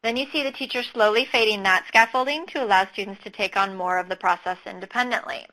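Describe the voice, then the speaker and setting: A woman's voice: mid-range voice, quick pace, pushed and bright, rough recording. A woman presenting a teaching webinar, methodically walking through lesson steps with occasional fillers. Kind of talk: explanatory webinar talk over slides.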